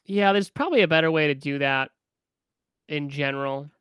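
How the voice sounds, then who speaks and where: Man, slightly high, bright crisp tone; host who quizzes his co-host. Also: no echo, clean studio sound. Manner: quizzing, quick questions. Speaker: podcast host. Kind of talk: casual chat.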